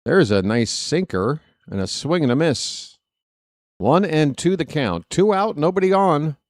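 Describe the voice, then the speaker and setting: A man calling live baseball play-by-play for fans, excitable and jokey, talking straight to his listeners. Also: fairly high pitch, a little slow, no echo, clean studio sound. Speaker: fan play-by-play commentator.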